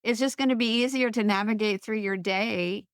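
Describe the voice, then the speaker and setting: A woman's voice: on the high side, normal speed, clean tone, no room sound, clean studio sound. A woman talking as an interview guest, telling personal stories in a chatty way with frequent restarts and fillers. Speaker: guest, author. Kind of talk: casual conversational interview.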